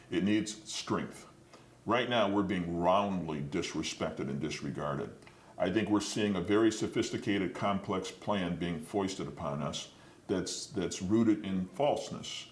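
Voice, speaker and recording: A man running for mayor, answering interview questions in a firm, deliberate way and slowing down to stress his points. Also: sits low, echoey room. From Detroit, USA. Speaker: mayoral candidate.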